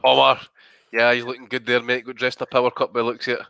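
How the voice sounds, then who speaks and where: A man's voice: medium pitch, completely flat delivery, fast talker, vocal fry, sharp tone, clear, resonant tone, dry recording. A man on a casual podcast panel, jokey and teasing in the banter.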